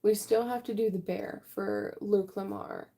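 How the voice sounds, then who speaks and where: Slow, gravelly young woman chatting on stream. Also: medium pitch. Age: late 20s. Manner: relaxed, chatty, yawning often, answers chat. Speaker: livestream artist. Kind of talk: casual chat with viewers while painting. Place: art room at home.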